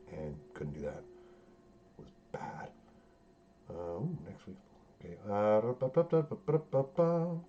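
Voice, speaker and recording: A low-pitched man talks through a podcast recap in an easygoing, rambling way, swearing often and dropping plenty of "uh"s. The recording sounds dull and muffled, like a lo-fi home setup. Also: dark tone, a little hiss or hum. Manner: loose, rambling, heavy on swearing and fillers. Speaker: podcast host recapping a TV series. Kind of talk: casual chat.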